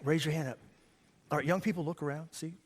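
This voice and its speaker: A man's voice: fairly high pitch, steady tone, quick pace. Conversational male pastor preaching. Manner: conversational, asks the congregation questions. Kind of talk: sermon. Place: church service before a congregation.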